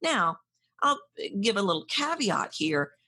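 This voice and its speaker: A woman voice coach speaking directly to the listener, animated, acting out her clients' anxious inner voices. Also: mid-range voice, unhurried, breathy edge. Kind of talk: direct-address coaching talk.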